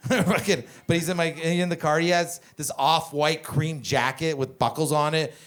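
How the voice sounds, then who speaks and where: A male stand-up comedian on a club stage, telling stories with lots of swearing and a lively, animated delivery. His voice sits a little higher than most men's, and he breaks off now and then to talk with the crowd. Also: moderate pace. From Canada. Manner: profane, animated storytelling with crowd work.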